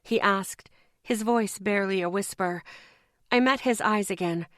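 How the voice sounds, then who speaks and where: A woman narrating a paranormal audiobook in first person, with a measured, intense, emotional reading on a close studio mic. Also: medium pitch, fairly bright tone, no room sound.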